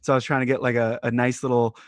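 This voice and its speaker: A man's voice: mid-range voice, level tone, racing, no room sound. A man tells a casual story on a podcast, hesitant and self-deprecating, with a mid-range voice. The sound is dry and close. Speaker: podcast guest. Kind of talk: casual anecdote.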